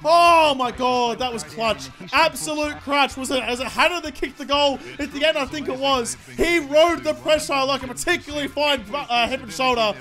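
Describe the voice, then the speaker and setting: A young man commentating his own football video game live, excitable and sweary, shouting at his players. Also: very high-pitched, normal speed, hardly any pauses, faint music behind. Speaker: gaming YouTuber.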